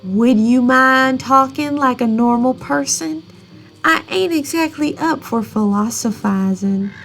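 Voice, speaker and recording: A woman's voice: high-pitched, measured pace, a bit bright, faint music behind. A woman voicing a guarded, lone-wolf brawler with a Southern country accent and curt, clipped replies. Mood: gruff.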